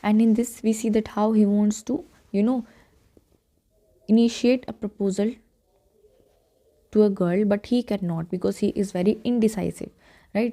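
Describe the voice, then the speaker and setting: Speaking at a moderate pace with frequent pauses, a woman with a dark-toned, medium-pitched voice and fairly even intonation delivers an exam-prep lecture in an Indian English accent. She walks through the material step by step, checking in with "okay" and "right".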